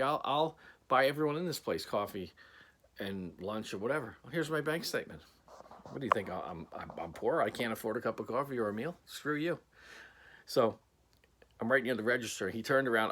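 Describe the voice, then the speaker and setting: A man's voice: fairly low pitch, fairly bright tone. Heated man telling a grievance. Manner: heated, repetitive, emphatic, swears. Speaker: vlogger recounting an incident. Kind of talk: angry personal storytelling.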